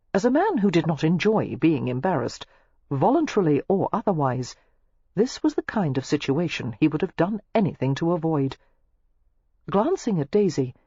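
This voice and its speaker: Woman reading an audiobook, low husky voice, lively ups and downs, dull dry recording. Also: no echo. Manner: steady, expressive storytelling. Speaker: audiobook narrator. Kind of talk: scripted audiobook narration.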